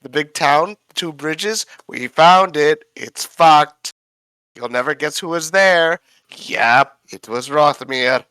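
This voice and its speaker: A man with a bright, forceful voice rattles through a recap of his tabletop game session, swearing freely and stumbling over names. The sound is dry and close, with little room around it. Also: fairly high pitch, slow pace, clear, resonant tone, no room sound. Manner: rambling, profane, fumbles names. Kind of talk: casual in-character recap.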